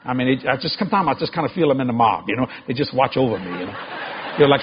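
A man preaching a sermon, telling stories in a folksy, animated way with laughing asides and bursts of loud emphasis. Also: mid-range voice, fast talker, slight background noise. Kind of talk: storytelling sermon. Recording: muffled lo-fi sermon recording.

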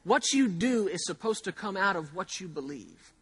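A male pastor preaching a sermon in a conversational way, asking rhetorical questions and slowly repeating key phrases for emphasis. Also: high-pitched, expressive, slightly rough.

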